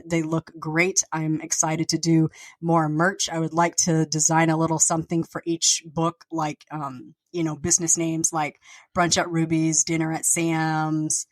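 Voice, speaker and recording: A chatty woman hosting her own podcast, wandering from one thought to the next with plenty of "um"s and restarts. Her voice sits a little low, and the recording is dry and close. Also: little pitch movement, a little slow, dry recording. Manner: chatty, meandering, many fillers and restarts. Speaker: podcast host and author. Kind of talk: rambling casual chat.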